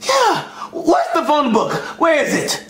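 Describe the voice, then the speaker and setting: A man voicing a hot-tempered, petulant male chef who rants, shouts and throws tantrums. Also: very high-pitched, wildly swooping pitch, takes it slowly, creaky, roomy sound, heavily acted. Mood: ranting.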